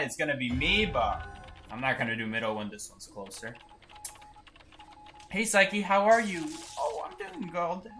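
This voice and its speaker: A young man with a fairly high, bright voice that bounces all over the place. He chats and jokes through a game stream, reading viewers' messages aloud, with faint game music underneath. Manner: chatty and joking, reads chat aloud. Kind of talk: casual gaming stream commentary.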